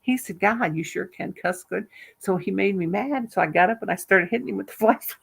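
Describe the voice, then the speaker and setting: Older woman host, raspy-voiced, salty and talkative, casual chat. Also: mid-range voice, brisk. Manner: chatty, laughs a lot, salty language. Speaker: vlogger.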